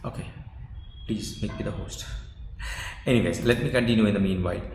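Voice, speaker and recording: Male software trainer, repetitive and coaxing delivery, faint background noise, long reverb. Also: on the low side, fairly quick. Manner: emphatic, repeats points, coaxes replies. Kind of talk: live online coding workshop.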